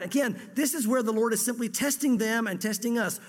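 Man, pastor, sermon, high-pitched, animated storytelling, reverberant hall. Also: fairly quick. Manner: lively storytelling, dramatizing scripture dialogue.

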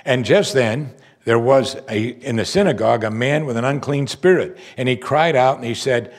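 A man preaching verse by verse through a Bible passage, animated, breaking off to act out the people he quotes. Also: medium pitch, brisk, husky. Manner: animated, acts out quoted voices.

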